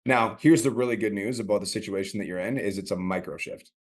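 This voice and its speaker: A man's voice: on the low side, quick pace. A man coaching a caller in a blunt, profane, direct way. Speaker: business coach, host.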